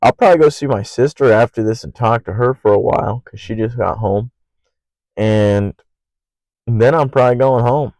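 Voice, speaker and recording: A young man hosting his own podcast alone, rambling in an earnest, profane way and naturally loud. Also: medium pitch, normal speed, no room sound, low-quality recording. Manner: loud by habit. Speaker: podcast host. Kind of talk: casual solo podcast monologue.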